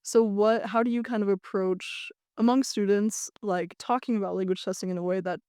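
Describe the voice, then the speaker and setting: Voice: mid-range voice, fairly even intonation, moderate pace, darkish tone, clean tone, dry recording, clean studio sound. A podcast co-host asking a reflective, searching question and often giving short acknowledgments. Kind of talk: casual interview chat.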